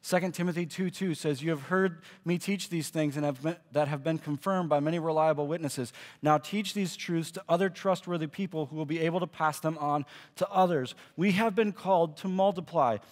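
A man's voice: a little high, brisk, few pauses, long reverb tail. A man giving a sermon as pastor, preaching in a conversational way and acting out the quoted speech he tells. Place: church auditorium.

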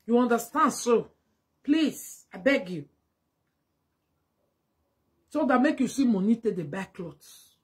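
A woman with a Nigerian accent delivering a mocking, scolding monologue to camera, slipping into Pidgin and breaking into loud exclamations. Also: on the high side, animated, takes it slowly, long pauses, slightly rough. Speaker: vlogger. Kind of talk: casual direct-to-camera monologue.

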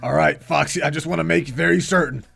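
A man voicing an exasperated male gator animatronic in a VR role-play, scolding his partner in hurried asides. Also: on the high side, creaky, a bit bright, husky, heavily acted. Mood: bantering.

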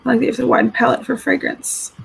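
A woman's voice: a little high, flat delivery, fast, vocal fry, husky, rough recording. Chatty woman reviewing perfumes. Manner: chatty, giggly, reads out viewer comments. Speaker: fragrance reviewer. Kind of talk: casual live-stream chat. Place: home with dogs.

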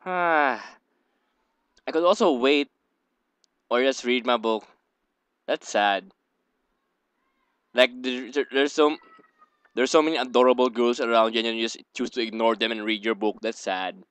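A man's voice: mid-range voice, unhurried, long pauses, fairly bright tone, clear, resonant tone, dry recording. A young man hosting a let's play, reading a visual novel aloud and rambling between lines with giggly asides.

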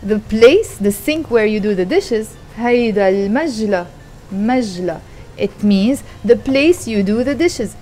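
Mellow-voiced woman teaching at her kitchen sink. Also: medium pitch, lively intonation. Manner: patient, repeats words slowly and explains each one. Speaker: language teacher. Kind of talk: casual vlog lesson.

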